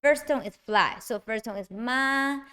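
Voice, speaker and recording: A woman with a Mandarin Chinese accent teaching a beginner language lesson, speaking slowly and clearly and exaggerating the tones for learners. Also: medium pitch, fairly bright tone.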